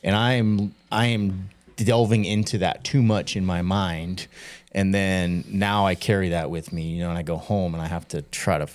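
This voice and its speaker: Deep-voiced former cop, earnest and reflective. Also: male voice, level tone, moderate pace. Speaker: guest, former police officer. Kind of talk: candid podcast conversation.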